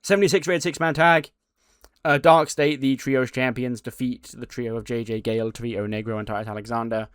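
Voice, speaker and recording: A man giving casual let's-play commentary, relaxed as he recaps match results. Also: medium pitch, a little fast, clear, resonant tone, no room sound, studio quality. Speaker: game commentator.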